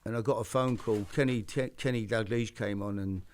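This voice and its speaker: A man's voice: on the low side, fairly even intonation, fairly quick, a little mellow. An older man hosting a show, telling a rambling anecdote in casual chat and acting out the voices he quotes. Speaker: host.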